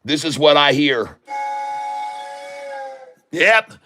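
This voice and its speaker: A man hosting a live day-trading stream, shouting excitedly at the charts and talking to his chat. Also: a little high, a little slow, noisy background. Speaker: day-trading livestream host.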